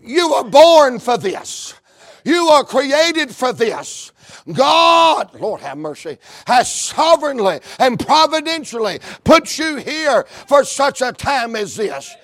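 A man preaching a sermon, building rhythmic, repetitive lines up to shouts and acting out stories with quoted dialogue. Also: very high voice, very animated, takes it slowly.

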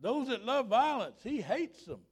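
A high-pitched man in his fifties preaches with folksy fervor. His voice swoops widely, and at its peaks he breaks into shouts. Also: very animated, a little slow, breathy edge. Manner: fervent, folksy, rising to shouts. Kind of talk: revival sermon.

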